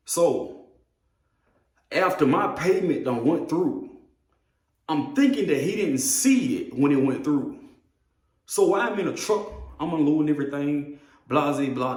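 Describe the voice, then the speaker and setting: A man who drives trucks, telling a story in a blunt, profane, animated way. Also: on the high side, echoey room. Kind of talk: casual storytelling rant.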